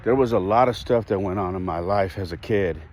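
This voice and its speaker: A man's voice: deep voice, fairly quick, darkish tone, a little hiss or hum. A man hosting a podcast, telling a personal story candidly and reflectively, with restarts and the odd sigh. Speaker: podcast host.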